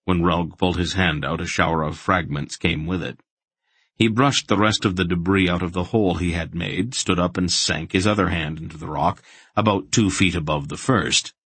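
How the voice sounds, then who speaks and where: Deep husky male audiobook narrator. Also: moderate pace, a bit bright, no room sound.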